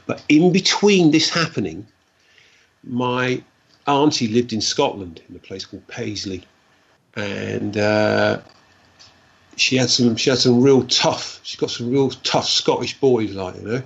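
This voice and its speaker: Husky man telling a story. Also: mid-range voice, muffled recording. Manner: halting, repeats words, fillers like "like, you know". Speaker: guest. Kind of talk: personal storytelling in a conversation.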